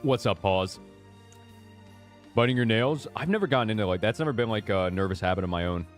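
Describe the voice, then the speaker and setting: Chatty man with a lively voice. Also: deep voice, fast, faint music behind. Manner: chatty, joking, self-deprecating. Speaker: streamer. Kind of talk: casual gaming stream commentary.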